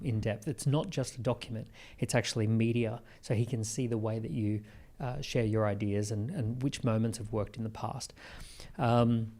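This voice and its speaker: An Australian man talks as a podcast guest, telling his business stories with animated energy. He often restarts a sentence and adds quick asides as he goes. His voice sits at an ordinary middle pitch for a man. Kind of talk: conversational interview.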